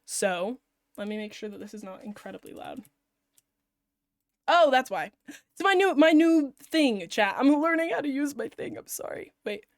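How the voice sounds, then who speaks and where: A woman streamer chatting to her viewers as she reacts to a video, excitable and rambling. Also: high-pitched, normal speed. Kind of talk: casual live-stream reaction.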